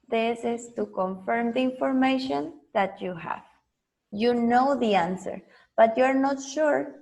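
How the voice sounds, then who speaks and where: A woman's voice: fairly high pitch, creaky. A woman teaching an English lesson, explaining and drilling students with patient repetition. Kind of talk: online language lesson.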